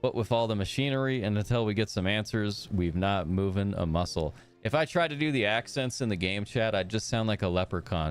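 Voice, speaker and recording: A man's voice: on the low side, clear, resonant tone. A young man streaming a game live, chatting upbeat with his viewers and reading the characters' dialogue aloud in his own voice.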